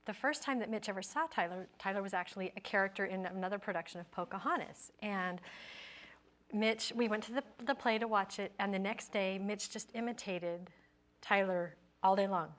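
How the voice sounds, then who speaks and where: A woman guest on a talk show, a parent telling a personal story in a lively, anecdotal way. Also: medium pitch, fairly quick.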